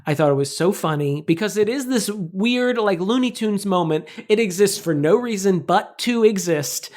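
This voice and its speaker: A co-host in their thirties chatting casually about a movie, animated and jokey. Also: medium pitch, normal speed. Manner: animated, jokey, quotes lines in silly voices. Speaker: podcast co-host. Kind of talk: casual movie-review chat.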